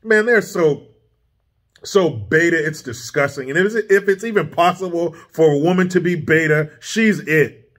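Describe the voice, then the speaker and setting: A man's voice: on the high side, moderate pace, fairly bright tone. A man ranting in a profane, combative and sarcastic political commentary vlog, recorded in his home studio.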